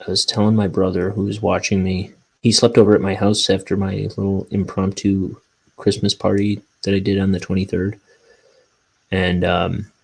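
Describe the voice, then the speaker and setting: Poor audio carries a low, creaky, slightly rough male voice. The speaker is a cartoonist working on inking his graphic novel, chatting in a rambling, self-deprecating manner.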